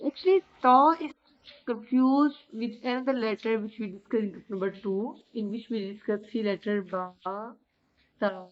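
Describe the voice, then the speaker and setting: A woman teaching the letters of an alphabet, explaining slowly and repeating sounds to demonstrate them. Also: on the high side. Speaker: Arabic teacher. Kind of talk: slow explanatory lesson. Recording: dull lo-fi recording.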